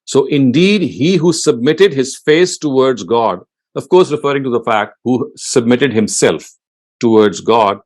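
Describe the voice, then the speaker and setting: A man lecturing, glossing scripture word by word and reciting the Arabic verses in a quick chant. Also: mid-range voice, expressive, a little mellow. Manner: translating word by word, slow and deliberate.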